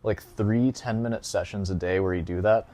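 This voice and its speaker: Low-voiced man rambling through a podcast. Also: steady tone, moderate pace, darkish tone. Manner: rambling, joking, many fillers and laughs. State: slightly out of breath. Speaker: podcast host and classical guitar teacher. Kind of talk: casual solo podcast reading comments.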